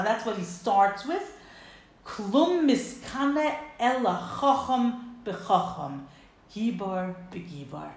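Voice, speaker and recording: A woman's voice: mid-range voice, animated, slow pace. A woman teaching a Torah text, quoting Hebrew verses and explaining each in earnest detail. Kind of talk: text study lesson. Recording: echoey room.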